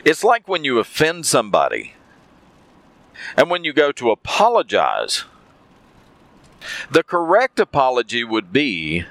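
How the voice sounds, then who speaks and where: A man's voice: mid-range voice, huge pitch swings, measured pace, pauses often, fairly bright tone, no room sound. A man telling a story in a casual monologue, repeating phrases for emphasis.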